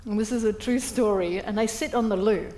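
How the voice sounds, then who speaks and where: At a breakfast event, a middle-aged woman tells lively, self-mocking stories and performs the quotes as she goes. Her medium-pitched voice moves briskly, captured in an echoey hall with slight hiss or hum.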